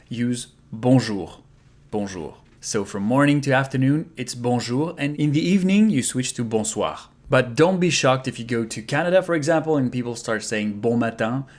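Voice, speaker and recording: A man with a French accent, a native French speaker, teaching a video language lesson and repeating each word slowly for learners to copy. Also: mid-range voice. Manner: slow, repeats words for practice.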